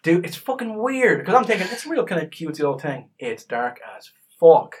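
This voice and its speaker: A man co-hosting a casual gaming chat, telling stories with lively acted-out quotes. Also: brisk, a little hiss or hum. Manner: animated storyteller, acts out quotes in a higher voice. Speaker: podcast co-host.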